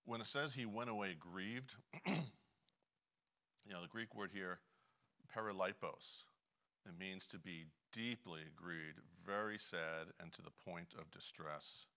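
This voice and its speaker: Deep-voiced man giving a chatty sermon. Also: takes it slowly, bright, forceful tone. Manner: chatty, many "you know" fillers, frequent throat clearing. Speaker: Bible teacher. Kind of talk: conversational sermon with a personal story.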